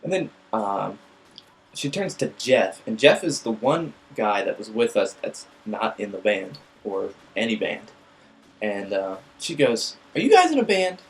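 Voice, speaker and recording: This young vlog host has a lowish voice and a measured pace, and the audio is poor. He casually tells his viewers a rambling story packed with filler words and profanity.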